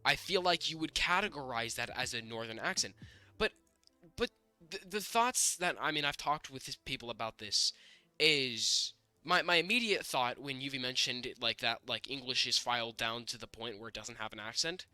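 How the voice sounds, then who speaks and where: A man's voice: medium pitch, moderate pace, pushed and bright, clean tone, no echo, faint music behind. A young man from the northern United States, co-hosting a podcast in casual chat, rambling with many restarts and fillers, sounding a bit sick. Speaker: podcast co-host.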